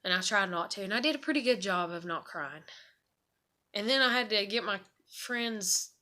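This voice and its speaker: A woman's voice: medium pitch, lively intonation, normal speed, sharp tone. Tearful, venting young woman. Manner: venting, swearing, shaky and tearful at times. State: close to tears. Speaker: vlogger. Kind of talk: emotional personal rant.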